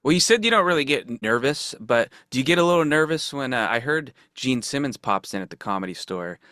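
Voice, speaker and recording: A man's voice: mid-range voice, animated, fairly quick, bright, forceful tone, no room sound, studio quality. A man hosting a podcast, asking eager, fan-like questions in a casual interview. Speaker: podcast host.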